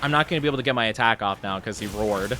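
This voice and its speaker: A man's voice: lowish voice, rapid-fire, soft background music. A young man chatting playfully with his chat while streaming a game. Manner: playful, excitable, reacts loudly to chat. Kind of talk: casual game livestream chat.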